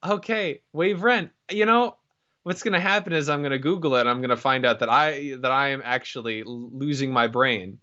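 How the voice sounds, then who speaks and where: A man's voice: medium pitch, fairly quick, sharp tone. A man co-hosting a podcast in casual chat, wry, playful and thoughtful. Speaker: podcast co-host. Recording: dull lo-fi sound.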